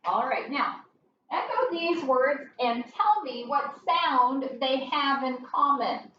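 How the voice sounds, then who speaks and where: A woman's voice: sits high, slight background noise. A woman teacher leading a classroom phonics lesson, patient and encouraging, recorded in a classroom. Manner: patient, encouraging, slow and drawn-out. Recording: roomy and dull, from far off.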